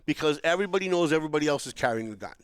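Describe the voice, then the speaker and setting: A man's voice: on the high side, lively intonation, rapid-fire, smooth, no room sound. A man from the area, hosting a podcast and telling a long story with lots of restarts. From Boston area. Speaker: podcast host. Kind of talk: casual political chat.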